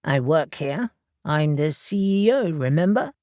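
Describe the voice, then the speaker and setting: A curt, proud male boss from an audiobook, as a woman reads him in a lowered voice. His clipped lines sound close and dry, without any room around them. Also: animated, a little slow, warm tone, dry recording. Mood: guarded.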